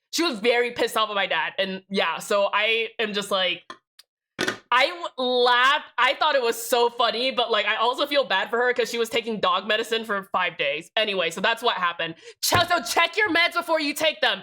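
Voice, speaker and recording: A young woman with a bright, ringing voice, pitched a little high, talks to her stream in a loose, rambling way. She swears freely and hops from one thought to the next. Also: moderate pace. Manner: rambling, profane, chatty. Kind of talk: casual live-stream chat.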